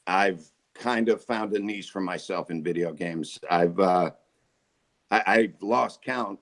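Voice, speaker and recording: Brief: low-voiced man in his forties, jokey guest storyteller. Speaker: guest, voice actor. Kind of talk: casual interview chat.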